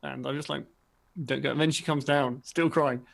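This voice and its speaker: A man telling a relaxed story during a casual chat from home over a video call. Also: on the high side, normal speed, gravelly.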